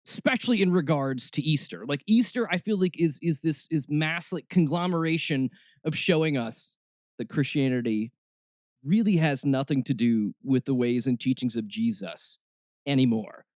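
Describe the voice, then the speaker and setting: A man's voice: medium pitch, moderate pace, darkish tone, no echo, clean studio sound. A man hosting a snarky comedic podcast, talking sarcastically and slipping into mock voices. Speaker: podcast host.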